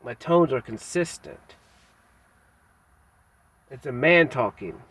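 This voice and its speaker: A man delivers a candid personal monologue in a husky, slightly rough voice at an ordinary mid pitch. He speaks haltingly and reflectively, with many fillers and pauses, then turns blunt and self-critical in plain casual slang. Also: animated, fairly bright tone. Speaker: vlogger.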